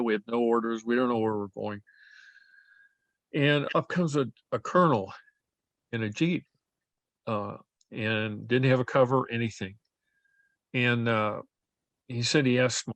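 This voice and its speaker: An older man recounting family history in an oral history interview, speaking haltingly with frequent fillers and restarts. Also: mid-range voice, gravelly, fairly bright tone, no echo.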